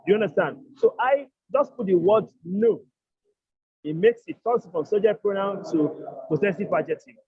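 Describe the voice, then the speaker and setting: A man teaching an online language class, explaining step by step and repeating each phrase slowly. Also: high voice, expressive, slightly rough, dry recording, highs cut off.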